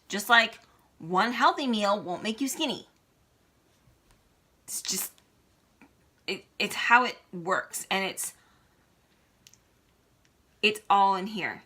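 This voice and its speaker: A woman's voice: medium pitch, sharp tone. A woman talking earnestly and emotionally to her viewers, encouraging them in a heartfelt vlog. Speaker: vlogger. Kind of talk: heartfelt motivational vlog talk.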